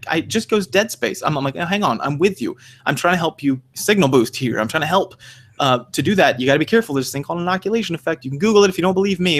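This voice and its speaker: Male podcast co-host, quick and rambling delivery, pitched a bit high, swears freely and voices the people he quotes. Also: fairly bright tone. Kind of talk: casual podcast discussion.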